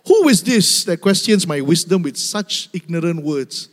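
Preacher doing God, booming almighty questioner, sarcastic, higher-pitched voice, big reverberant hall. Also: male voice, animated, moderate pace. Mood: sarcastic challenge.

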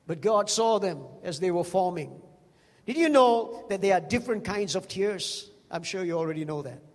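A man's voice: high voice, in a large hall. A man preaching a sermon, telling the stories with emphasis and calling out to the congregation. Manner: storytelling, emphatic with call-outs to the congregation.

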